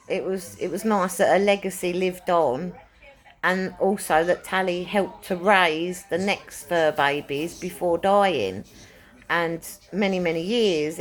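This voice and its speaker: Woman, slightly low-pitched, casual rambling chat, repeats herself for emphasis. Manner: chatty, repeats phrases for emphasis, many fillers. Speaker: pet owner and animal rescuer.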